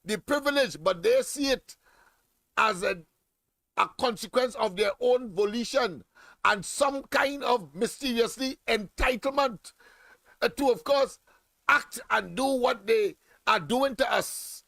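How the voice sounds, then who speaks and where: A man's voice: very high voice, slow, gravelly, sharp tone, no echo. A man hosting a political radio talk show, speaking emphatically with many fillers and repeated phrases. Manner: emphatic, repetitive, heavy fillers.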